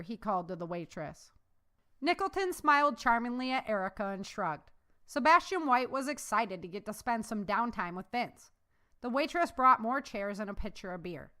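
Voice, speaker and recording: A woman author reading her own novel aloud in an expressive storytelling style. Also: mid-range voice, normal speed. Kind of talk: audiobook narration.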